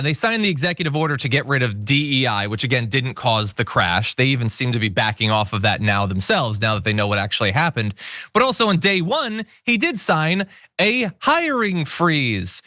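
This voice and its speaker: A man's voice: fairly high pitch, bright, forceful tone, no echo, studio quality. A man hosting a political commentary show, talking in a sarcastic, mocking way. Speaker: host.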